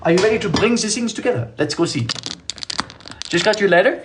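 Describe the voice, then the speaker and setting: A man's voice: lively intonation, brisk, background noise. British male baking host, playful, theatrical, swings his voice all over while reading comments. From Britain. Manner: playful, theatrical, jumps between high and low voices. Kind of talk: casual live-stream chat reading comments. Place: home kitchen.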